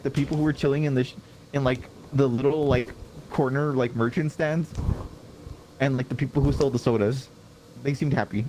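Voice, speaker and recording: A man's voice: medium pitch, darkish tone, a little hiss or hum, rough recording. A young man co-hosting a podcast, telling a story in a rambling way with lots of filler and frequent laughter. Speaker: podcast co-host.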